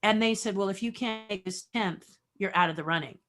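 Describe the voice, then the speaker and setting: A middle-aged woman guest telling career stories, acting out each person in a conversation. Her pitch swings widely as she plays out the dialogue. She sounds expressive and energetic throughout. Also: a little fast. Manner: animated storyteller acting out dialogue. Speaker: podcast guest. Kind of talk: storytelling interview.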